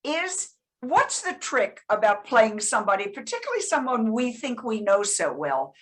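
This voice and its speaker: A woman interviewer leading an onstage conversation at a book talk, asking measured, curious questions. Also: a little high, sing-song, fairly bright tone.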